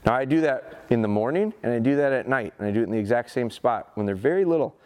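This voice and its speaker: A man in his forties giving a live dog training seminar, telling stories in an animated, folksy way and speaking to the audience. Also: medium pitch, fast talker. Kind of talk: live seminar talk with demonstration. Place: seminar hall at an outdoor show.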